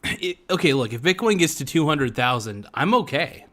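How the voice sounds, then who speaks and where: A man's voice: a little high, big pitch swings, moderate pace, fairly bright tone. A man as a podcast guest in casual chat, crude, joking and rambling.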